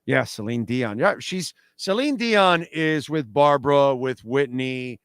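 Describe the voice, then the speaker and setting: With a smooth, medium-pitched voice and a measured pace, a man runs a casual sports radio show, emphatic and animated and prone to repeating words. He speaks into a studio microphone in a radio studio, and the sound is clean, with no room sound.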